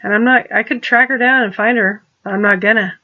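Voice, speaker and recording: A woman's voice: on the high side, fairly even intonation, a little fast, lo-fi sound. Rambling, accusing woman vlogger. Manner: rambling, restarts, pointed and accusing. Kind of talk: personal monologue to camera.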